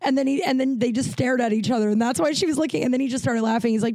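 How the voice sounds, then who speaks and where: A podcast host in her forties tells stories at a racing clip, her voice high and a little mellow. She's casual and chatty, peppering everything with "like," and there's no echo.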